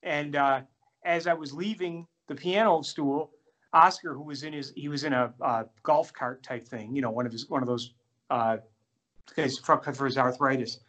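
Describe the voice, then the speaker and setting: A middle-aged man, a jazz pianist, telling animated, self-deprecating stories in a casual interview. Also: mid-range voice, moderate pace. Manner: animated, self-deprecating anecdotes with many restarts.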